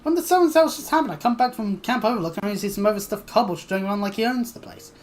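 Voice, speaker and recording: A woman voicing a blunt, rough-talking adventuring woman who scolds with old-fashioned "ye" speech. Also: mid-range voice, lively intonation, fast talker, darkish tone, pitched above the performer's own voice, lightly acted. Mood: brash. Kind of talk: reading game dialogue aloud.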